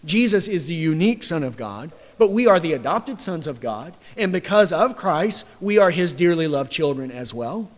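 A man preaching a sermon, swinging between loud, rising questions and quiet, low passages. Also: big pitch swings, normal speed, hardly any pauses, long reverb tail. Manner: impassioned, rising to loud mocking questions then dropping soft.

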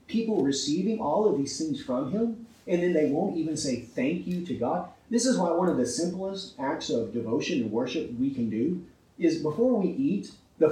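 A man's voice: a little high, mellow, roomy sound, far from the mic, poor audio. A man preaching a sermon with emphasis, often asking his listeners rhetorical questions and checking in with "right?".

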